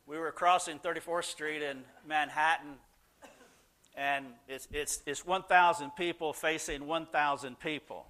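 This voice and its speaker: A middle-aged man telling stories to a live audience, animated, and loud when he acts out how his family talked. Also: fairly high pitch, unhurried. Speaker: speaker answering audience questions. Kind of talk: casual talk to a live audience.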